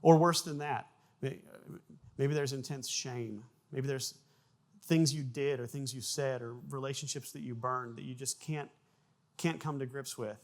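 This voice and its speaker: Male pastor, mid-range voice, relaxed conversational preaching. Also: mid-range voice, a little slow. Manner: conversational preaching with restarts, bursts of loud acted sound effects. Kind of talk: sermon.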